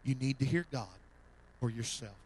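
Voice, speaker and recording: A male pastor preaching a sermon in a church, swinging from loud fervent calls to soft repeated lines. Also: medium pitch, lively intonation, moderate pace, low-quality recording. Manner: fervent, repetitive preaching that swells loud then drops soft. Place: church sanctuary.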